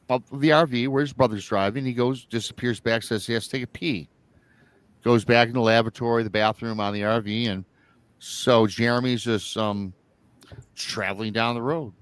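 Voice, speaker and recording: On his live show, the man casually recounts a story sent in by a listener, circling back over points and dramatizing what people said. The voice is mid-range, smooth and fairly bright, recorded dry.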